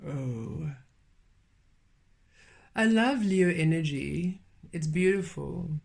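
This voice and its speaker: Slow, chanting spiritual tarot reader. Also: mid-range voice, vocal fry, a little mellow. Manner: slow, incantatory repetition with frequent laughter. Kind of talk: spiritual channeled reading. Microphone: camera on a table.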